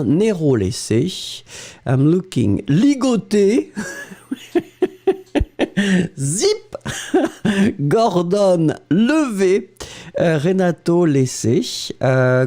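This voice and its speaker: French-accented male teacher, slow and warm-toned, very animated pitch, encouraging. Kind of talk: live-stream language lesson, reading viewer answers.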